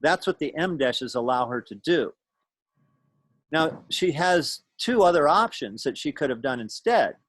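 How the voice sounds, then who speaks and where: A man's voice: fairly high pitch, lively intonation, measured pace, fairly bright tone. A man teaching a class over a video call, explaining things patiently and thinking aloud as he goes. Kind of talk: lecture to a class.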